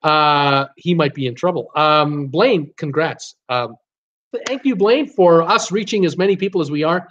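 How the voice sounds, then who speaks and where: Man, livestream host, casual chatty delivery, fairly high voice, dull lo-fi audio. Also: lively intonation, moderate pace, fairly bright tone. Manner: chatty, stumbles over names. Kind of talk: casual livestream, reading viewer comments.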